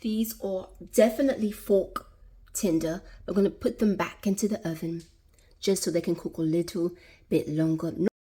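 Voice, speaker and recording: A woman's voice: fairly low pitch, fairly even intonation, moderate pace, dark tone. A woman talking casually as she cooks in her own video, chatty and repetitive, often saying "y'all". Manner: chatty, repeats words, laughs, says "y'all". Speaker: cooking vlogger.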